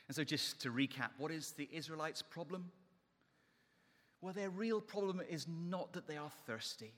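A man's voice: on the high side, lively intonation, moderate pace, fairly bright tone, in a large hall. A man preaching a sermon in an emphatic delivery that rises and falls. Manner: emphatic, rising and falling delivery.

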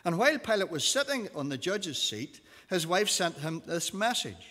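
A man's voice: sits high, sing-song, normal speed, few pauses, pushed and bright. A man reading scripture aloud to a class, giving the quoted lines expression. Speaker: teacher. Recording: long reverb of a hall.

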